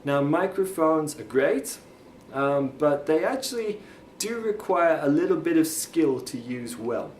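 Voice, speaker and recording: A man's voice: fairly high pitch, animated, unhurried. A man explaining things plainly and patiently in a video lesson, demonstrating as he talks. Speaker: teacher. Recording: echoey room with faint ambient noise.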